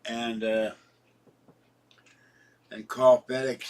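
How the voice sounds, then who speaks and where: A man in his seventies, sick and hoarse, rambling casually to his viewers about his day and laughing at his own jokes. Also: mid-range voice, normal speed, distant mic. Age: 70s. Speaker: vlogger. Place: home.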